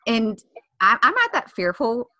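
A woman's voice: on the high side, wildly swooping pitch, measured pace, sharp tone, dry recording. A woman from Maryland with a Maryland accent, co-hosting a running podcast in casual chat, talkative and jumping between topics. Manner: chatty, hops between topics, apologizes often. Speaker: podcast co-host.

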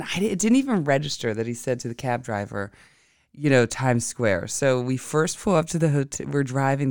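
Smooth-voiced woman telling a chatty story. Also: extremely low pitch, a little mellow, dry recording, clean studio sound. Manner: chatty, rambling, quotes people in the story. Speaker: astrology podcast host. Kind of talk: casual storytelling monologue.

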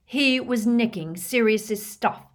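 A woman's voice: mid-range voice, expressive, measured pace, breathy edge, pitched above the performer's own voice. A woman voicing an angry teenage boy wizard who talks tensely. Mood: furious.

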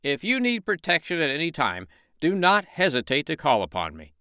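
A man voicing a boastful, strutting male rooster in a storybook reading, bragging loudly and pompously. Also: on the high side, huge pitch swings, moderate pace, clean tone, no echo, studio quality, pitched above the performer's own voice, full character voice.

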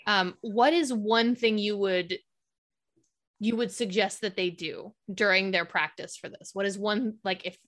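Bright-voiced enthusiastic podcast host woman. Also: medium pitch, steady tone, measured pace. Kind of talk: casual podcast interview.

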